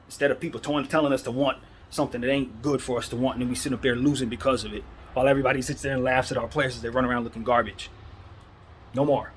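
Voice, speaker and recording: A man's voice: medium pitch, steady tone, fast talker, a little hiss or hum. A man hosting a basketball commentary show, giving a fired-up, preachy opinion monologue full of rhetorical questions.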